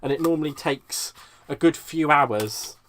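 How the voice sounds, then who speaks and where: A man's voice: fairly high pitch, unhurried, a bit bright, slight background noise. Chatty man hosting a craft stream. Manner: chatty, self-mocking, laughs often. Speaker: live craft stream host. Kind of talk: casual live-stream chat while crafting.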